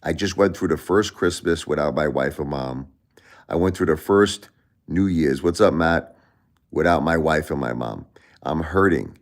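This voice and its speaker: A middle-aged man vents to his live-stream audience. His voice sits very low, and he circles back over the same points with stammering restarts. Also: moderate pace. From Brooklyn, New York. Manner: ranting, repetitive, stammering restarts. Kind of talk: casual live-stream rant.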